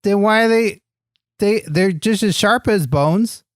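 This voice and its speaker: A man's voice: sits high, a little slow, dry recording, clean studio sound. A man doing a naive, cheerful wrestler sidekick. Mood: earnest. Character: dim, earnest male wrestler sidekick. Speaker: comedy podcast co-host. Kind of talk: improvised comedy podcast banter.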